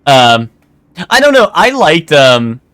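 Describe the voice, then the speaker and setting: A man's voice: fairly high pitch, sing-song, slow pace, a bit bright, clean tone, dry recording. A man streaming a game, chatting casually with lots of fillers and restarts. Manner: rambling, hesitant, lots of fillers. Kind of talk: casual chat while gaming.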